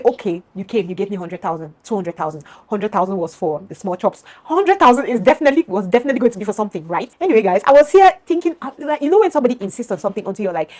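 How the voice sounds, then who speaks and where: A woman's voice: mid-range voice, fast, husky. A young woman from Cameroon vlogging casually, telling a long story to her viewers and acting out both sides of an argument. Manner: animated, addresses viewers as "guys", acts out both sides of a dispute.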